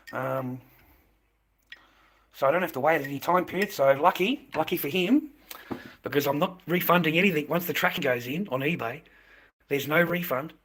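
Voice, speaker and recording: A man's voice: medium pitch, fairly bright tone, a little hiss or hum. Foul-mouthed Australian man ranting. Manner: combative, swearing, taunting. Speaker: livestreamer answering chat. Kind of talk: profane livestream rant.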